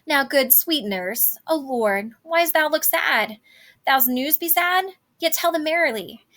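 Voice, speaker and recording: A woman's voice: sits high, lively intonation, measured pace, sharp tone, voice pushed up, exaggerated voice. A woman reading the lines of an impatient, lovesick teenage girl from a play, eager and pleading.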